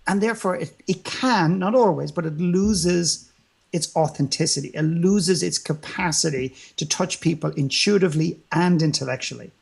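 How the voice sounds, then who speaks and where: A man's voice: on the high side, normal speed, vocal fry, breathy edge. A man speaking as an interview guest in a motivational conversation, emphatic and full of rhetorical questions and repetition.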